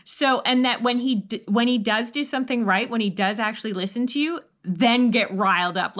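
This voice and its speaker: A middle-aged woman talks through parenting advice in a casual, earnest way, with her voice sitting somewhat high. She rambles and restarts her sentences, now and then slipping into bright, upbeat lines a parent might say to a child. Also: normal speed, few pauses. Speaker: homeschooling parent advice vlogger. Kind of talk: casual advice talk to camera.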